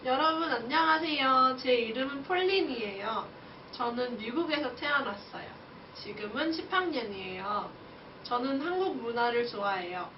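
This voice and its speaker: Woman doing a cheerful teen schoolgirl, fast talker, echoey distant muffled audio. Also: on the high side, slight background noise. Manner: cheerful, chatty self-introduction. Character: cheerful teenage girl student, tenth grader.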